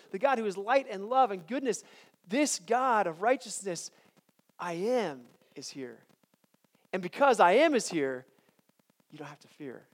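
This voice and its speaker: A man giving a chapel sermon, talking conversationally with frequent restarts and then building to emphatic declarations. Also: high-pitched. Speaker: chapel speaker.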